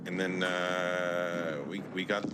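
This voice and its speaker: A man's voice: deep voice, flat delivery, takes it slowly, music in the background. A man chatting casually during a game, hesitant and filling gaps. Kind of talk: casual chat while playing.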